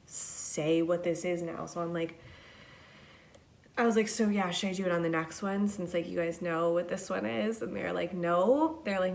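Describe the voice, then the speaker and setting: A woman's voice: on the low side, fairly even intonation, moderate pace, vocal fry. A young woman hosting a podcast, telling a rambling, profane, self-deprecating story in a casual monologue. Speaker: podcast host.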